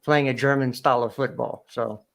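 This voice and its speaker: A man's voice: medium pitch, steady tone, a little fast, gravelly, fairly bright tone. A man in a casual football chat who argues his case with exasperation. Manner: argumentative, exasperated.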